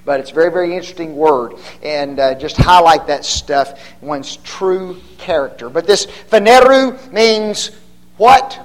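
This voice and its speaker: Slow, high-voiced man teaching Bible study. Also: expressive. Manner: quizzing listeners with rhetorical questions, frequent "okay?"; stretches key words slowly for emphasis.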